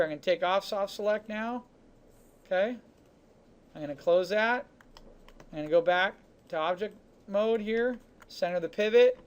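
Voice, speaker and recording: A man teaching a 3D modeling class, talking casually through each step of a software demonstration with chatty asides. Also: high voice. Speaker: 3D modeling instructor. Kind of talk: live software demonstration lesson.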